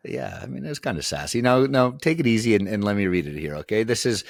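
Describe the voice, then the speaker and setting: Deep-voiced joking podcast co-host man. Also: fast talker, vocal fry, no echo, studio quality. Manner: relaxed and joking, often starts with "yeah, I mean". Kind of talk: casual podcast discussion.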